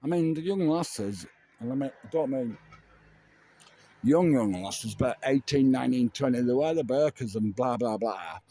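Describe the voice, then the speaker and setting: Having had a few drinks, this middle-aged vlogger drawls slowly through a meandering late-night monologue, swearing casually as he goes. His medium-pitched voice sounds warm and expressive.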